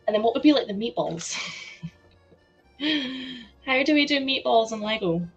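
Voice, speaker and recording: A young woman hosting a live stream, chatting excitedly and laughing as she builds a toy set. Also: fairly high pitch, a little slow, slightly rough, muffled recording, soft background music. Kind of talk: casual chat while building a toy set.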